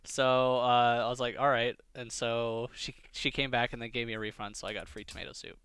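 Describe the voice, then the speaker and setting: A man's voice: mid-range voice, flat delivery, a little fast, a bit bright, smooth, no echo. A man hosting a podcast, chatting casually and teasing his co-host in a laid-back way.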